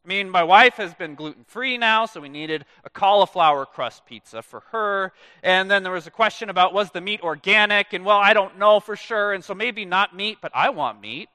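A man in his thirties preaching a sermon in a church, telling stories in a lively way and letting phrase ends fall away soft and low. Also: normal speed, hardly any pauses, no room sound. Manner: animated storytelling with dramatic soft drops at phrase ends. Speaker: pastor.

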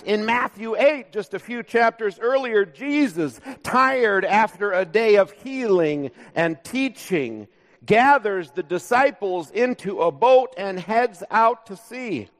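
Man, pastor preaching, unhurried, conversational with light humor, long church reverb. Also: high voice, expressive. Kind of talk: sermon. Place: church sanctuary.

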